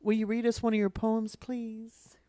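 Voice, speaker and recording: A woman's voice: on the high side, flat delivery, moderate pace, mellow, no room sound. A woman hosting a talk show, giving short, encouraging prompts to her guest. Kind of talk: interview hosting.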